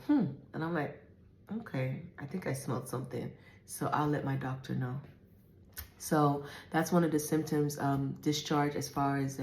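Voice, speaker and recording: A woman's voice: deep voice, roomy sound, a little hiss or hum. A woman in her forties giving a casual, candid pregnancy update. She chats with many fillers and restarts and sounds a little out of breath. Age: 40s. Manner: chatty and candid, with many fillers and self-corrections. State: often out of breath. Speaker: vlogger.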